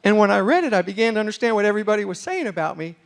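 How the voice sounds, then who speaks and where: A New York City storyteller and motivational speaker gives a humorous talk in a university lecture hall. His voice is high and gravelly, and he races through funny stories with an animated comic delivery, tossing asides to the audience.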